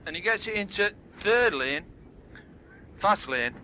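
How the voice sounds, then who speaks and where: Bloke telling pub jokes, bright voice, a bit high, hissy old cassette. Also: male voice, animated, measured pace, low-quality recording. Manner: rambling, broad dialect storytelling with voiced characters. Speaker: joke teller at a party. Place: home party.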